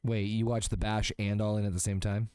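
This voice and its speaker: A man's voice: on the low side, level tone, fairly quick, darkish tone, smooth, no room sound. A man in a casual chat with friends, teasing and often stumbling over his words. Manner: teasing, stammers and restarts. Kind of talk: casual group chat while gaming.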